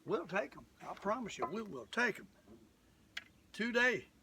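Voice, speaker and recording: A man's voice: sits high, big pitch swings, unhurried, recorded from a distance, noisy background. An older man, hosting a live fishing vlog from a boat on a lake, rambling and folksy as he talks straight to his viewers. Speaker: fishing show host.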